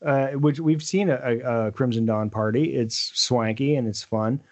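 A man's voice: mid-range voice, moderate pace, darkish tone. A man co-hosting a podcast, rambling in casual chat with lots of fillers. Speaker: podcast co-host.

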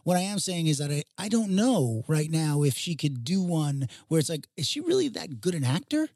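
A man's voice: fairly high pitch, very animated, normal speed, a little mellow, no room sound, clean studio sound. A man co-hosting a casual chat, opinionated and emphatic, firing off rhetorical questions. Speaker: podcast co-host.

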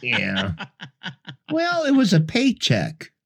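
A man's voice: fairly high pitch, huge pitch swings, slow pace, vocal fry. A man co-hosting a podcast, dryly recapping the plot of a bad old movie. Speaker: podcast co-host.

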